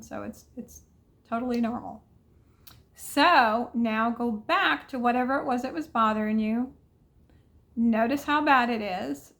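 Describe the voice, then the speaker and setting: Woman, higher-pitched voice, calm coach leading tapping affirmations, repeats soothing phrases. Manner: soothing, repetitive guiding affirmations. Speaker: mentor leading a tapping exercise. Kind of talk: guided tapping session.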